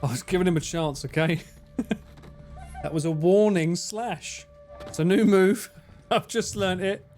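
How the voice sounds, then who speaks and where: A man giving casual gaming stream commentary, swearing, laughing and breaking into sudden loud yelps. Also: high voice, measured pace, pauses often, faint music behind. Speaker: livestreamer.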